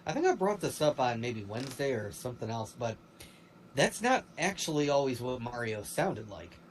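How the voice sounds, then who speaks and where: A man co-hosting a livestream in casual chat, rambling and animated, with many fillers and restarts. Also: medium pitch, moderate pace, a little hiss or hum, rough recording. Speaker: stream co-host.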